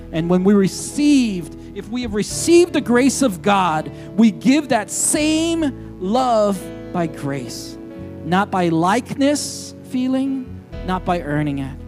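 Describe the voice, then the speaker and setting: A man preaching a sermon as pastor, emphatic and animated, moving between loud urgent lines and quiet, slow ones. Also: sits high, music in the background.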